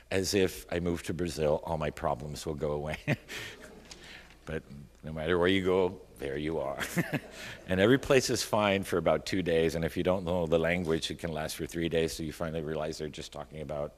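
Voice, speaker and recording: A middle-aged man with a low, deep voice reads his poems and talks between them in a relaxed, conversational way, poking fun at himself and often asking the room "right?". He is recorded live at an arts center, and his voice rings out with a long hall reverb. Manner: conversational, self-deprecating asides, frequent "right?". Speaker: featured poet. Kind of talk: poetry reading with spoken introduction.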